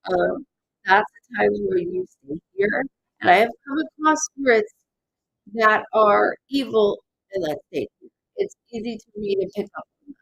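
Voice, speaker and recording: A woman giving a live-streamed psychic reading in an animated, rambling way, with many fillers and restarts. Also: fairly high pitch, moderate pace, creaky, dry recording, muffled recording. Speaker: psychic medium.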